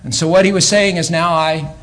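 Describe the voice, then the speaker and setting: A man preaches in a high voice. His delivery is animated, rising to loud exclamations and dropping to quiet asides, and he often restarts and repeats words as he builds each point. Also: brisk. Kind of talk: sermon.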